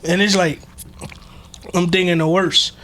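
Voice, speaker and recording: A man's voice: high voice, flat delivery, a little slow, background noise. A man co-hosting a podcast, telling wild stories in loose slang and laughing often. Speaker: podcast co-host. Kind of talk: casual chat, storytelling.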